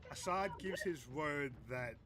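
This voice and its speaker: A man narrates as game master of a tabletop role-playing game, animated and laughing often while stumbling over repeated words. His voice is a little high and a little slow.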